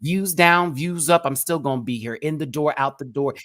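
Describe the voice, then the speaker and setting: During a live review show, the male host delivers a confrontational rant to a critic, sassy and cutting, calling them sweetie and baby. He speaks at a moderate pace in a fairly bright voice that sits a little high.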